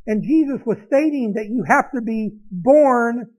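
A man with a notably high voice delivers a sermon, walking through a scripture passage. He talks in a conversational way, pausing for asides to his listeners. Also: darkish tone, low-quality recording. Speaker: preacher.

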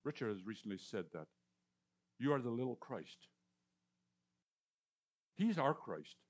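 A man in his sixties preaching a conversational sermon, repeating words for emphasis and swinging between loud and hushed lines. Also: mid-range voice, sing-song, measured pace, breathy edge. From Canadian or US prairies. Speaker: pastor.

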